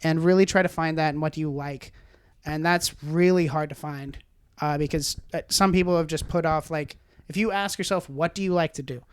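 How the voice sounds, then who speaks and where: A man's voice: a little high, steady tone, a little fast, clear, resonant tone, no echo. A man in casual podcast chat, musing reflectively with jokey asides. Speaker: podcast co-talker.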